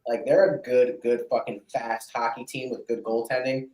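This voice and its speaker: A man hosting a casual sports chat on a video call, excitable, teasing and swearing freely. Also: mid-range voice, moderate pace, roomy sound, rough recording. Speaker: podcast host.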